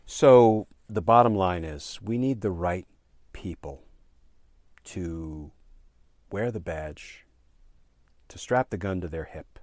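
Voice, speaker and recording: A man in his fifties, a former prosecutor, telling a story in an earnest, halting way with fillers and emphatic repeated phrases. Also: low voice, darkish tone, dry recording, clean studio sound. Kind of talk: storytelling commentary.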